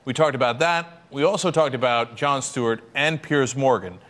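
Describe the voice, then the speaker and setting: A man's voice: medium pitch, normal speed, a bit bright. A man hosting a talk show, interviewing a guest with skeptical, probing questions.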